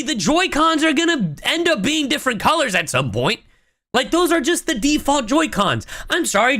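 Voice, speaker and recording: A young woman ranting on her live stream, exasperated and full of profanity. Her pitch leaps all over the place, from low mutters to high yelps. She keeps breaking off to answer her chat and thank her subscribers. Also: fairly bright tone. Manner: exasperated, swearing, rapid-fire ranting.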